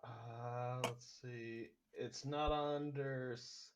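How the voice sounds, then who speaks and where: A tabletop player speaks slowly and hesitantly, pausing a lot. The mid-pitched voice carries a faint hiss under it. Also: fairly even intonation. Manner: hesitant, slow. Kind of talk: casual tabletop play.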